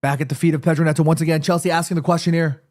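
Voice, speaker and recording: A man's voice: a little high, rapid-fire. Hyped guy doing live football play-by-play on stream, chatty, talks to chat a lot. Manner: excitable, chatty, talks straight to viewers with slang. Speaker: streamer hosting a football watchalong.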